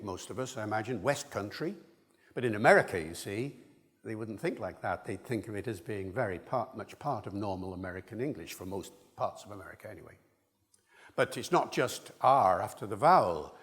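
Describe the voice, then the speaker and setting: A man's voice: lowish voice, a bit bright. Older man lecturing in a reverberant hall. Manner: discursive and enthusiastic, with asides. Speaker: linguist lecturer. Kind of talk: public lecture.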